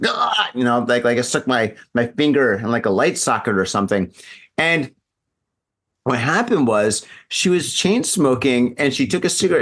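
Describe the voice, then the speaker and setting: Man, drunk, casual storytelling, lively pitch swings, acts out yelps. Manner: animated, acts out his own yelps and voices. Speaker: podcast host. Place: home room in Japan.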